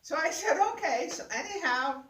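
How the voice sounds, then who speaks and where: Older woman, higher voice, animated storyteller, echoey room, mic set back. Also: moderate pace, slight background noise. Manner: laughing, exclaiming, acts out voices. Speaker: guest sharing a personal story. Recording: roomy sound, mic at a distance.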